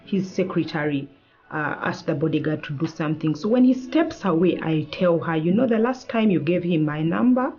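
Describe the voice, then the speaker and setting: A woman lawyer, a guest in an interview, telling a personal story in an animated way and acting out the lines of the people in it. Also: deep voice, moderate pace, muffled recording. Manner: animated, acts out quoted dialogue.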